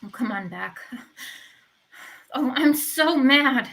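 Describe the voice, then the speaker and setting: Proud fiery widow, read by a woman, slow and high, flip-flopping rage, live video-call reading. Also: lively intonation, gravelly, fairly bright tone, heavily acted. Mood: torn. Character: proud fiery young widow, furious yet smitten. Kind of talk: live virtual play reading.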